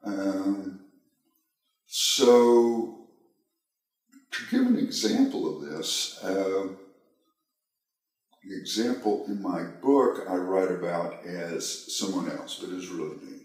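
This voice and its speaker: A male author answering an interview question in a measured, self-examining way, telling a personal story, recorded in an echoey room with the mic far away. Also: deep voice, sing-song, darkish tone.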